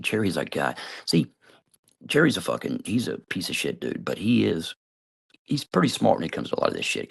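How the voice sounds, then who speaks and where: Gravelly low-voiced man ranting. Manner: swears constantly, calls out people by name; trails off, hedges with "I don't know". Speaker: video commentator. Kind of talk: rambling profane rant to camera.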